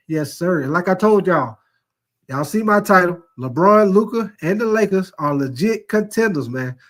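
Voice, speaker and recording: High-voiced man joking through sports talk. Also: fairly bright tone. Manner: loose, joking, reads viewer comments aloud; profane storyteller who laughs at his own stories. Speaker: sports show host. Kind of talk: casual live-stream sports talk.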